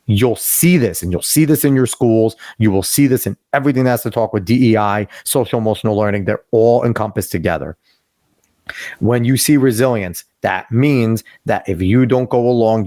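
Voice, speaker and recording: A man's voice: fairly low pitch, a little mellow, no echo, clean studio sound. Emphatic ranting podcast man. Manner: emphatic, ranting, profane, with many rising outbursts. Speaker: podcast co-host. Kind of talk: casual opinion podcast chat. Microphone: video call.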